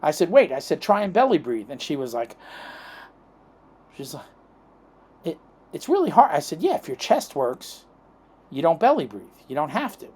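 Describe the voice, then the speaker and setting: A man's voice: a little high, very animated, moderate pace, a little mellow, husky. A middle-aged man from the United States telling long, rambling stories as a podcast guest, acting out quoted dialogue and checking in with "okay?" and "right?". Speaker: chiropractic guest. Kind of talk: rambling anecdotal storytelling.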